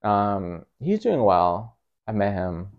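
Deadpan man with a very deep voice. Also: takes it slowly, highs cut off. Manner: dry, teasing. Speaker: comedian guest. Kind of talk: deadpan comedic banter.

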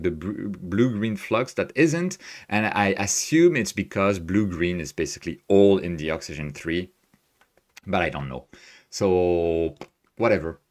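A man hosting a live astrophotography stream, thinking aloud as he works and cheerfully answering viewers' chat. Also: deep voice. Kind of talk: live-stream screen tutorial, reading chat. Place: home desk, Tokyo.

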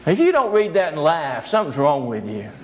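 A man delivers a sermon lecture, animated and storytelling, with humorous asides for the audience. His voice sits high for a man. A faint hiss lies beneath the speech. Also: brisk, rough recording. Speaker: preacher.

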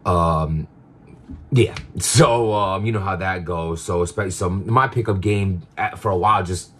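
A man's voice: sits low, a little slow, a bit bright, a little hiss or hum. A man talking in a casual confessional monologue, rambling with lots of fillers and restarts. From Queens, New York. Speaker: vlogger.

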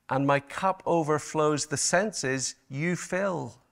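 Male preacher, sermon, fairly high voice, emphatic, repeats words for stress. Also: slow pace, gravelly, few pauses, fairly bright tone. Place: conference hall.

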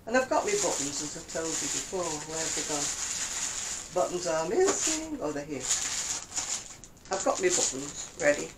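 A woman's voice: sits low, creaky, background noise. An older woman chatting casually about her knitting in a rambling, self-deprecating way. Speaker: craft vlogger. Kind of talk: casual knitting chat to camera.

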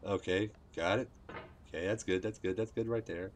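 A man's voice: deep voice, steady tone, moderate pace, slight background noise. A man streaming a game, commenting live with frustrated outbursts and swearing.

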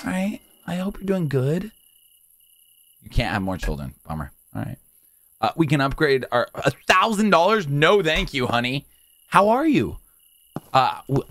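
Man, gaming commentary, lively swooping pitch, bit high, noisy recording. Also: moderate pace. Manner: excitable, joking, swings from mumbling to shouting. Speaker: gaming channel host. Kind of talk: let's play commentary.

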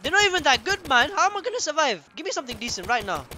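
Hyper young man, high voice. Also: racing, hardly any pauses, slight background noise. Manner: loud, excitable, repeats phrases. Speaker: gaming streamer. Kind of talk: excitable gameplay commentary.

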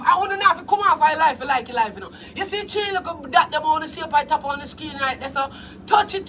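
A Jamaican woman with a high voice hosts a live stream. She talks straight to her viewers in lively patois and calls out to them often. A faint noise sits under her voice. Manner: animated, talks back to viewers, patois phrasing. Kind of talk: casual live-stream chat about dancehall.

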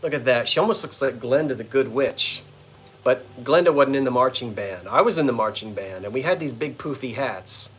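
A man with a mid-range, slightly bright voice talks at normal speed while hosting a vintage-goods live stream. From the front porch of an old bungalow at sunset, he keeps the casual chat playful, joking with his viewers.

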